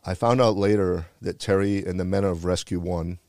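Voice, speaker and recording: With a low, slightly mellow voice and fairly even intonation, a man speaks at normal speed. He's a retired Bronx firefighter recounting a heartfelt personal story earnestly, repeating phrases. The studio-quality recording has no echo.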